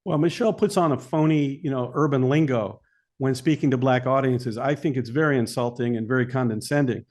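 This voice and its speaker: A man's voice: medium pitch, fairly quick, darkish tone. A man speaking as a filmmaker guest in an interview, emphatic and argumentative. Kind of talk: interview talk.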